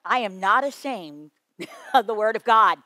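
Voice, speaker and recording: A woman leading a conference workshop on children's ministry, playful and lively as she talks straight to the room. Her voice is bright and forceful, and the recording is dry and close. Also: mid-range voice, a little slow, no echo. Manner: lively, playful, addresses the audience directly.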